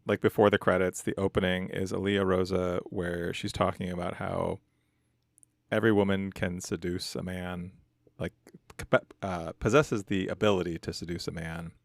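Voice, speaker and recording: A man's voice: deep voice, level tone, normal speed, vocal fry, dry recording, clean studio sound. A man co-hosting a podcast in casual chat, talking in an easygoing, hedging way with many fillers. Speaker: podcast co-host.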